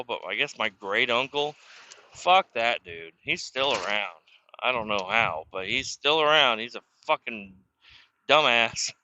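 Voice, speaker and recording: A man's voice: medium pitch, sharp tone, no room sound, dull audio. A man casually telling rambling, profanity-laden stories about his past while sitting in a car, chuckling now and then. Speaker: vlogger telling life stories. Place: inside a car while driving.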